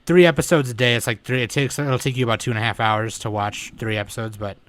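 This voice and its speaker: A young man co-hosting a podcast who talks in a laid-back, easygoing way, full of casual slang. His pitch sits in the ordinary middle range for a man. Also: fairly even intonation, fast talker, a bit bright, no room sound. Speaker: podcast co-host.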